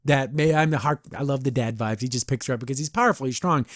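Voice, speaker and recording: A man's voice: mid-range voice, fast talker, no room sound, studio quality. Chatty man reviewing a cartoon episode. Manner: chatty, rambling, laughs often, says "I don't know" a lot. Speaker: podcast host.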